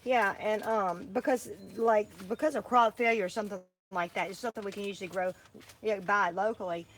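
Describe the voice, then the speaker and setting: A woman's voice: medium pitch, steady tone, brisk, a little hiss or hum. A woman, chatting and rambling with many fillers as she plants seeds with her co-host. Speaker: farm co-host. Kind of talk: casual chat while planting seeds.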